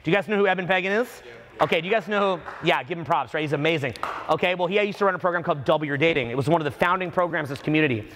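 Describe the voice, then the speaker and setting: A man, a dating coach, telling stories to a live seminar audience, profane and animated. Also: fairly high pitch, racing, a little hiss or hum. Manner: profane, animated, acts out the people in his stories. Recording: long reverb of a seminar hall.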